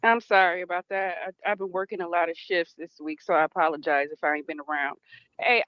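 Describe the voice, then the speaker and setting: A woman's voice: on the low side, no echo, muffled recording. A woman calling in to a livestream, speaking proudly and firmly. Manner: proud, firm, declarative. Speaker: caller. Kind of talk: call-in statement.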